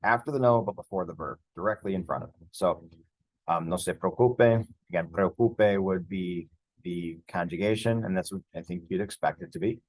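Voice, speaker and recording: A man teaching Spanish grammar over slides, relaxed and conversational, with frequent fillers and restarts. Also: deep voice, normal speed, no echo, poor audio.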